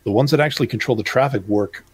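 Speaking fast in a mid-range voice with a breathy edge, a fifty-something man from Calgary, Canada co-hosts a casual podcast chat on a dry recording. He is blunt and emphatic, tripping over restarts as he goes.

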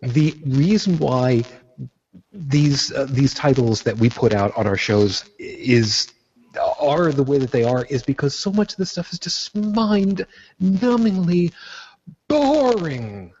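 A man's voice: fairly high pitch, very animated, slow, darkish tone, slightly rough, muffled recording. A man co-hosting a casual podcast, talking in an exasperated way with many restarts and blunt jokes. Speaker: podcast co-host.

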